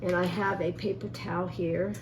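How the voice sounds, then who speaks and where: A woman's voice: lowish voice, level tone, normal speed, heavy background noise. A woman hosting a casual cooking demonstration in a home kitchen, chatty and folksy, telling family stories as she works. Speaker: cooking show host.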